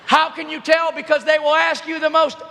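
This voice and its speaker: A middle-aged man giving a comedic talk to teens, telling animated stories and often shouting. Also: extremely high pitch, a little fast, vocal fry. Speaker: youth speaker. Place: large arena. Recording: long echo of a big arena.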